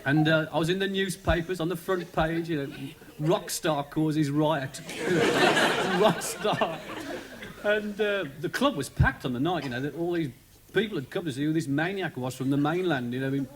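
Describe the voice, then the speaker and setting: His voice sits on the high side and moves fast as the Brummie comedian spins a wandering, talkative yarn with plenty of side comments. It's a 1970s television studio recording, complete with a live crowd's laughter.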